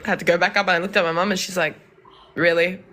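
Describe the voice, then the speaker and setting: Young woman, from Lebanon, casual storytelling, animated, voices the people she quotes, bright voice. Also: lowish voice, very fast. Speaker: podcast guest.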